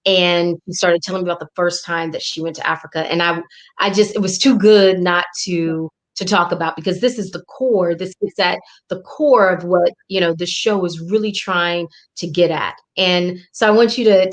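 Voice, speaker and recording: A woman hosting an interview, inviting her guest to retell a story in a halting way with restarts. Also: on the low side. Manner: hesitant, restarts her sentences. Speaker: host.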